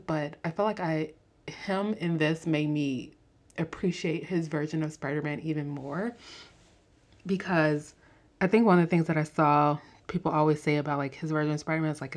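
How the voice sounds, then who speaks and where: Young woman, low voice, animated casual podcast chatter full of fillers. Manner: animated, fast-talking, frequent fillers and laughs. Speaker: podcast host. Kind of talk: casual movie review chat.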